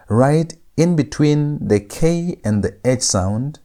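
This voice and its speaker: A man teaching a language lesson, saying each letter sound over and over in a drawn-out, patient way. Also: lowish voice, animated, warm tone. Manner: repeats each sound several times, drawn out. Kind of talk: slow lecture on letter pronunciation.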